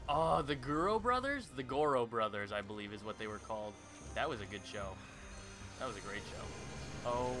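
A young gaming channel host with a fairly low voice comments through a let's-play, muttering nervously before bursting into loud exclamations and yelps. Game music is clearly audible behind him.

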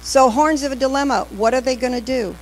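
Woman pastor, sermon, emphatic, slightly high voice, long hall reverb. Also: fairly quick, slight background noise. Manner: emphatic, questions the congregation directly. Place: large church hall.

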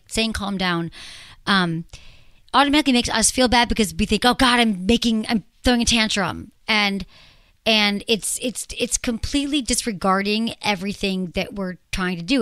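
A woman's voice: mid-range voice, no room sound, clean studio sound. A woman hosting a relationship advice show, chatting casually and acting out quoted lines. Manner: animated, acts out quoted lines.

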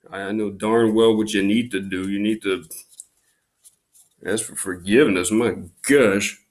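A man hosting a casual unboxing video who gripes in mock outrage and breaks into loud exclamations. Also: fairly low pitch. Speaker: YouTube unboxing host.

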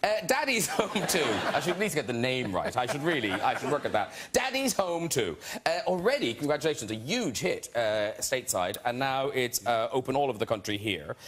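A man's voice: mid-range voice, expressive, fast talker, hardly any pauses, a bit bright. Giggly talk show host man. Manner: giggly, teasing, interrupting. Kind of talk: chat show banter. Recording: studio show with audience laughter. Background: audience laughter and applause.

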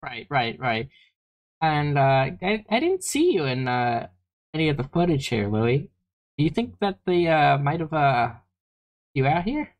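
Stammering, flustered woman with a lively voice. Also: deep voice, a little slow. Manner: stammering, flustered, repeats words. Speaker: podcast co-host. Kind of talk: comedic vtuber podcast banter.

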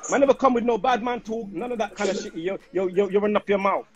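A man's voice: sits high, quick pace, lo-fi sound, noisy background. A man with a lilt, lecturing and repeating himself in a heated livestream argument.

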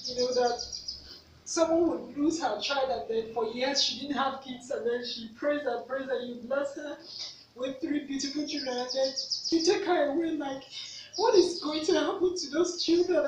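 A woman's voice: sits high, normal speed. A Nigerian woman vlogger telling a personal story, earnest, repeating herself for emphasis. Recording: echoey room, mic at a distance, faint noise.

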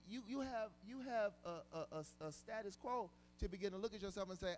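A man preaching a sermon as pastor, emphatic and colloquial, repeating words and swinging from quiet stretches to shouts. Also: sits high, fairly quick, a little hiss or hum. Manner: casual, colloquial speech.

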